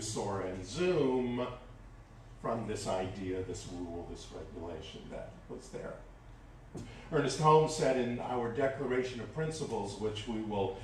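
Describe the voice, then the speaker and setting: A man minister giving a sermon in a lively, folksy storytelling manner. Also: mid-range voice. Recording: very echoey hall, distant mic, faint room noise.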